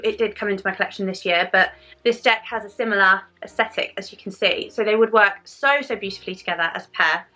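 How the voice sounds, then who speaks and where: A woman's voice: medium pitch, sharp tone. A woman showing off her new tarot and oracle decks in a casual vlog, gushing and enthusiastic about the artwork. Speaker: tarot YouTuber. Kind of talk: casual show-and-tell haul.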